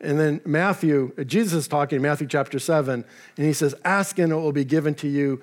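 A male pastor preaches a sermon in a somewhat high-pitched voice. He's relaxed and conversational, tossing in casual asides and paraphrasing what people said. His delivery stays friendly and unhurried.

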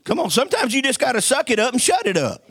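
High, bright-voiced preacher man. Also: big pitch swings, fast talker, husky. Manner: call-and-response preaching, folksy storytelling. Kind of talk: sermon.

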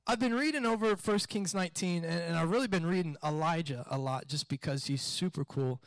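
A man's voice: on the high side, fairly quick, vocal fry, dry recording. A man, a pastor, giving a sermon and telling a personal story, acting out the voices in it. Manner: animated storytelling with acted-out quotes.

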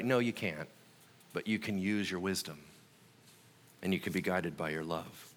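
A man's voice: deep voice, a little slow, pauses often, a bit bright, long reverb tail. A man preaching a sermon as a pastor, telling stories with humor and acting out other people's voices.

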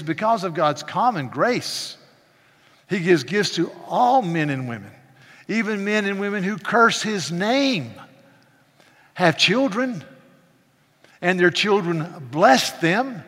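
Passionate preacher man in a reverberant hall. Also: high voice. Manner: passionate, swings from soft to loud, stammering restarts. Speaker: pastor. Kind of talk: sermon.

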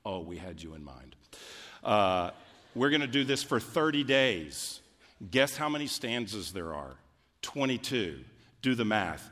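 A man preaching a sermon as pastor, conversational and emphatic, with sudden loud peaks. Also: fairly low pitch, very animated, a little slow. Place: church sanctuary. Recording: long hall reverb from a church.

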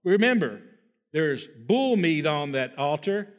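A man's voice: on the high side, big pitch swings, slow. A man preaching a sermon, reading scripture aloud and breaking in with folksy asides and rhetorical questions. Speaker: pastor.

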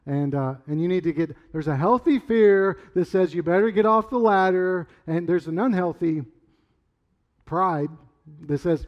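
A middle-aged man preaching a sermon in a loose, conversational way, rambling through stories and sometimes shouting. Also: high voice, measured pace, muffled recording. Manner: conversational, rambling storyteller with sudden loud outbursts. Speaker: pastor.

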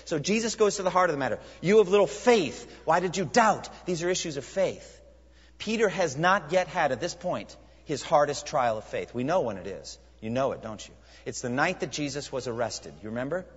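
A male pastor preaches in a lively, swooping voice, pressing his listeners with rhetorical questions. He pauses for effect and leans hard on key words. The sound is muffled and carries a long hall reverb. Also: a little high, slightly rough. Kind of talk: sermon.

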